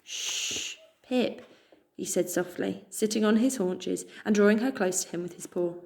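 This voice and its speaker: A woman with a British accent reading a children's chapter book aloud, expressive and cheerful. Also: medium pitch, brisk, creaky. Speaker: storyteller.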